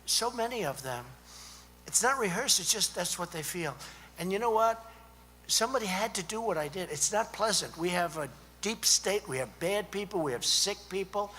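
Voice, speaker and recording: In an echoey hall with a faint hum, a man with a high-pitched, sharp, expressive voice gives an off-the-cuff speech at a student conference. He speaks at a moderate pace, rambling, repeating himself, and tossing frequent asides to the crowd.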